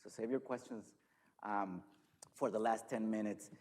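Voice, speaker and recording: A man's voice: on the low side, steady tone, measured pace, darkish tone. A man moderating a conference panel, introducing the speakers in a playful, joking way.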